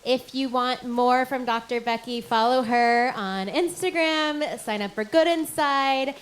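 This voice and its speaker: A woman's voice: on the high side, measured pace. A middle-aged woman hosting a live event, chatty and thankful as she wraps up, with lots of ums. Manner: chatty, thankful, with many fillers. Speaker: host and moderator. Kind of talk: closing remarks at a live event.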